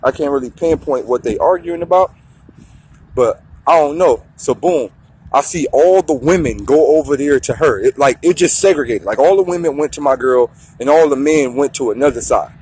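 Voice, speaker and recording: A man telling a story in a profane, slangy, animated way on a talk show. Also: mid-range voice, moderate pace, breathy edge.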